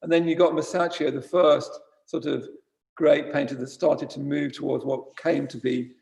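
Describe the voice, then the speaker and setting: Buddhist teacher, man, slightly higher voice with a gravelly edge, chatty and wry, stops to correct himself. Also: flat delivery, moderate pace, a little mellow. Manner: conversational, wry, self-correcting asides. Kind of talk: informal dharma talk. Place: retreat centre shrine room.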